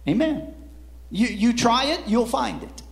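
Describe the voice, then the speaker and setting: A man delivers a sermon in a high-pitched voice. He pushes his points with rising emphasis, then drops low, often stumbling over repeated words and closing with "Amen". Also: animated, moderate pace. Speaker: preacher.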